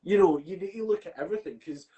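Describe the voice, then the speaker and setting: A man's voice: high-pitched, fast talker, dark tone, dull audio. A Scottish man co-hosting a podcast in casual chat, swearing a lot and ranting with heat. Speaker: podcast co-host.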